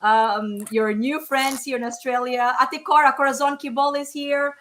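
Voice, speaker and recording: A woman hosts a live online show, her voice bright and forceful and sitting a little high. She talks in an effusive, emotional way, padding her sentences with fillers. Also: steady tone, normal speed, a little hiss or hum. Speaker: host.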